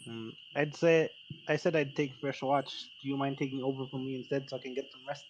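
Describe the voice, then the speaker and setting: A man's voice: medium pitch, level tone, brisk, slight background noise. A man playing in a tabletop game, easygoing and matter-of-fact. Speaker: player. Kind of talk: tabletop role-play. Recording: dull lo-fi sound.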